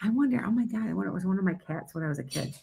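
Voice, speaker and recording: A woman psychic hosting a casual livestream from home, talking fast in a rambling, animated way. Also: medium pitch, vocal fry, husky.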